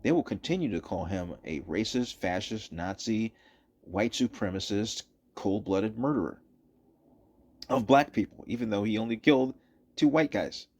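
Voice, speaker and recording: A man with a fairly low voice delivers opinionated commentary over footage. He talks emphatically and hammers his points home by repeating them. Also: lively intonation, moderate pace, darkish tone. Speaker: political commentator.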